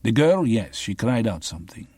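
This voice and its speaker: A man voicing a grave, solemn Albanian man who speaks in a measured way in an audiobook. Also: lowish voice, sing-song, darkish tone, slightly rough, no room sound, clean studio sound, pitched above the performer's own voice.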